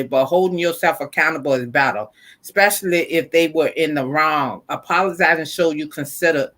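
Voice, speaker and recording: A woman's voice: sits low, fairly bright tone. A middle-aged woman hosting a casual podcast chat and reading out listener comments, emphatic and prone to repeating words as she thinks. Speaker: podcast host.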